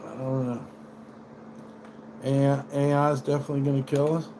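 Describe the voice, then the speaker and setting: A man's voice: medium pitch, flat delivery, moderate pace, creaky, background noise. American male livestream host, mid-range voice, rambling profane rant. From United States.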